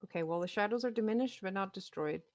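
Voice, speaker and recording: A woman running a tabletop game as game master, amused and quick to laugh at the dice. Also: mid-range voice, a little mellow, no echo, studio quality.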